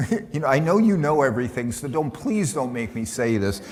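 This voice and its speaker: A man voicing a tense, guilty husband in a joke, confessing in a halting, hesitant way. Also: mid-range voice, sing-song, a little mellow, close to an everyday voice. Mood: sheepish. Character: nervous guilty man confessing at heaven's gate.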